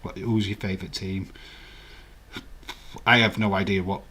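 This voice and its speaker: A man's voice: low voice, little pitch movement, normal speed, sharp tone, husky. A man hosting a live stream, chatting casually and rambling while he answers viewer comments and laughs often. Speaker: livestream host. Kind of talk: casual live watch-along chat.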